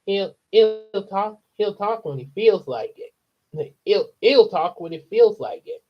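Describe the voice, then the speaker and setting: A man voicing a proud, eager young boy in a storybook reading, stammering with excitement. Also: sits high, a little slow, lo-fi sound, pitched above the performer's own voice.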